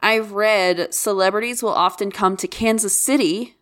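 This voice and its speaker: A woman co-hosts a casual podcast at a middle pitch. She speaks earnestly, gives advice, and keeps the conversation on track. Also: fairly even intonation, normal speed, a bit bright. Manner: earnest, advice-giving, moves the talk along. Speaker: podcast co-host. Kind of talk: casual chat.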